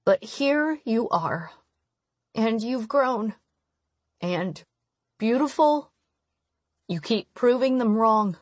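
A woman's voice: medium pitch, animated, slow, slightly rough, no echo. A woman voicing a tired, worried mother. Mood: tearful, tender. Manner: tender, tearful. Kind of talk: audiobook character voice.

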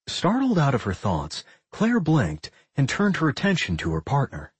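A man narrating a fantasy audiobook in an expressive, animated reading. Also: on the high side, normal speed, hardly any pauses, breathy edge, dry recording.

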